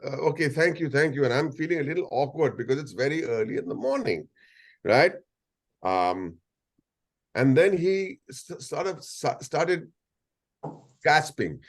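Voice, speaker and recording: A man's voice: fairly high pitch, a little mellow. A man in his sixties with an Indian English accent, telling playful anecdotes to an audience over a video call. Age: 60s. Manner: playful, storytelling, jokes and asides. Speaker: guest speaker.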